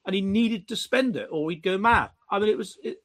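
A man co-hosting a casual chat, animated and mocking, with frequent stammering restarts. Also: high-pitched, a little fast. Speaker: podcast co-host.

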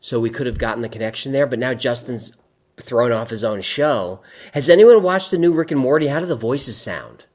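A man's voice: medium pitch, lively intonation, fairly quick, darkish tone. A man hosts a loose, chatty livestream and reads viewer comments aloud. He goes off on wry, rambling asides and often breaks into laughter at his own jokes. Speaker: livestream host reading chat. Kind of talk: casual livestream chat.

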